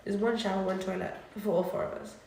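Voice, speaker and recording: Speaking fast with fairly even intonation, this young Englishwoman has a gravelly, mellow mid-range voice captured from a distance with a slight hiss or hum. Drunk and livestreaming late at night from a student flat kitchen, she chats casually, rambles and repeats herself. The room is echoey, and her voice sometimes drifts off-mic.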